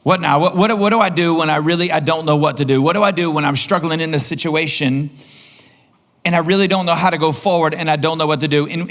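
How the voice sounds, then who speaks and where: A man preaching a sermon as pastor, impassioned, repeating phrases and climbing in pitch for emphasis. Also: fairly bright tone. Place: church auditorium.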